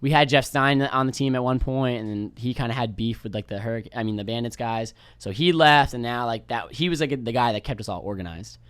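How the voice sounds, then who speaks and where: A man's voice: mid-range voice, fairly quick, few pauses, fairly bright tone, clear, resonant tone, no room sound. A young man from New York, a podcast guest telling rambling, laid-back stories and swearing freely. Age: young adult. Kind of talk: casual storytelling chat.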